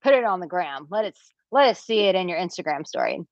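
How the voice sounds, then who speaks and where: On a live-stream from a villa room at home, a dating and relationship coach in her thirties answers viewers fast and chattily, acting out their comments in playful, high, squeaky impressions. Her voice is a little low for a woman, with vocal fry. The dry, slightly dull sound suggests a home webcam mic.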